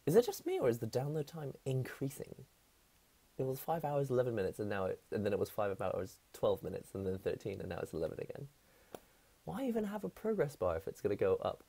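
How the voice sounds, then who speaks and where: A man's voice: fairly low pitch, creaky, mellow, breathy edge. A man chatting casually on a live stream from his apartment, rambling and laughing often.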